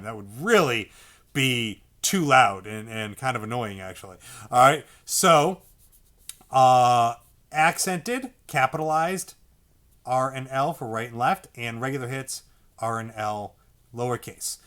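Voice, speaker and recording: A man gives a percussion lesson, patiently walking through a drum pattern and saying the drum syllables aloud. His voice is medium-pitched, a bit bright, and a little slow. He keeps checking in with "okay?"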